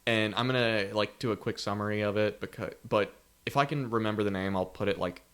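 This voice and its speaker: A man's voice: on the low side, brisk, a bit bright, clean tone. A young man co-hosting a podcast, telling a long story in a rambling, casual way with many restarts. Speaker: podcast co-host. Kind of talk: casual chat.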